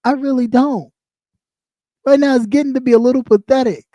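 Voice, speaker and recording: A man's voice: extremely high pitch, fairly even intonation, a little fast, dark tone, no room sound, clean studio sound. A man ranting on a livestream, mocking and heated, swearing constantly. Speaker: livestream host. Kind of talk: profane livestream rant.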